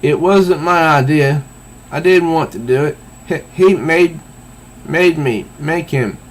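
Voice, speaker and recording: A man's voice: on the high side, takes it slowly, pitched above the performer's own voice. A man doing a panicky, stammering young guy. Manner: stammering, pleading. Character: panicky young man caught out, whiny and defensive.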